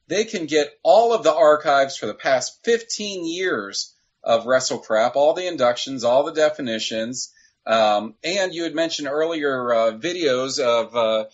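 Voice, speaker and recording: A man's voice: on the high side, highs cut off. A man hosting a podcast, chatting eagerly and plugging his guest's website. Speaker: podcast host. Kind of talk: casual podcast chat.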